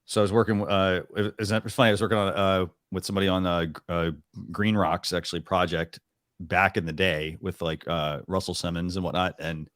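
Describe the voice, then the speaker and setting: Male host, low voice, dry close sound, casual rambling demo style with frequent fillers. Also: level tone, a little fast, fairly bright tone, no echo. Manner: chatty, rambling with many fillers and restarts. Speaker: show host. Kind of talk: casual live demo on a talk show.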